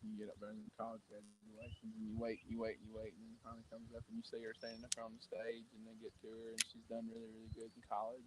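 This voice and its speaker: A man's voice: fairly low pitch, completely flat delivery, very fast, hardly any pauses, darkish tone, low-quality recording. A middle-aged man who tells teasing stories in casual banter as a fishing show host. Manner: teasing storyteller.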